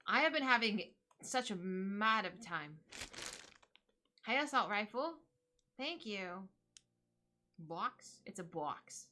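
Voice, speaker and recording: A woman in her thirties, a streamer chatting casually on a live stream and opening gifts in a bubbly, excitable way. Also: medium pitch, takes it slowly, pauses often, faint music behind. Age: 30s.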